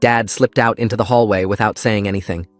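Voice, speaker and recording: A man narrating a first-person story in a calm, steady scripted style. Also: fairly low pitch, a little fast, no room sound, soft background music.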